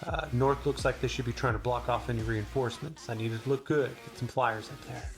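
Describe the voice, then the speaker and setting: A gravelly, self-assured war commander in a tabletop game , played by a man lays out an attack plan in brisk, folksy orders. Steady music plays clearly behind the voice. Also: medium pitch, close to an everyday voice. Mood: commanding. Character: confident veteran male commander planning an assault.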